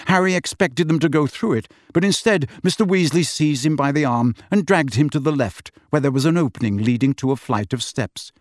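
A man narrating a fantasy novel in an expressive storytelling manner. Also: on the high side, brisk, few pauses, dry recording, studio quality. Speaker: audiobook narrator. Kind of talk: scripted narration.

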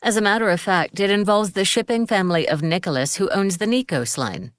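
A woman's voice: medium pitch, brisk, no echo, studio quality, close to an everyday voice. A woman voicing a direct, curious young detective in an audiobook. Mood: businesslike. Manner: probing, businesslike.

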